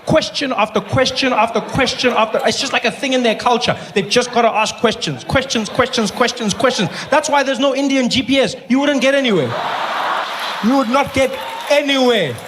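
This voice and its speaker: A man's voice: extremely high pitch, fairly quick, background noise. A South African man doing stand-up, telling stories animatedly with repeated punchlines. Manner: animated storytelling, repetitive punchlines. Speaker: stand-up comedian. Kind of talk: stand-up comedy. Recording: live club with crowd laughter.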